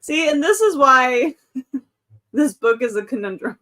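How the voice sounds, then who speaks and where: A woman's voice: high-pitched, expressive, measured pace, a bit bright. A woman in her thirties hosting a casual live stream from home, chatting and reading out chat comments. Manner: chatty, reads out chat comments, frequent laughs. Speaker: livestream host.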